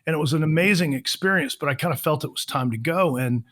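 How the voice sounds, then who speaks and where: A Florida man in his fifties, a trial lawyer appearing as a podcast guest, recounts his career with an easy, self-deprecating manner, full of fillers and restarts. His voice sits a little high and moves quickly.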